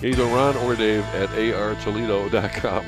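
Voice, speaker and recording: A man's voice: fairly low pitch, steady tone, normal speed, music in the background. A man co-hosting a radio show, telling jokes with hesitant fillers and laughing along. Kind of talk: joke-telling radio banter. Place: radio studio.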